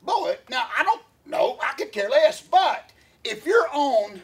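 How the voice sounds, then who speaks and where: A man's voice: extremely high pitch, sing-song, unhurried, a bit bright. A man, co-hosting a casual podcast chat, rambling with lots of fillers and restarts. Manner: rambling, many fillers and restarts, laughs often. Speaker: podcast co-host.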